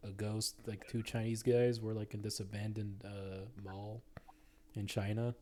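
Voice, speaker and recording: A man with a somewhat low voice trades rambling, profane stories on a casual podcast. He breaks into laughter between phrases. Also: level tone, measured pace, a crowd in the background. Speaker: podcast co-host.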